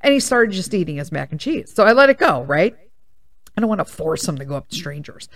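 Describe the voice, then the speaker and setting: A woman's voice: fairly low pitch, very animated, a little fast. Rambling, blunt-talking woman podcast host. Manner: rambling, goes off on tangents; blunt and profane when worked up. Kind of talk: casual chat, personal storytelling.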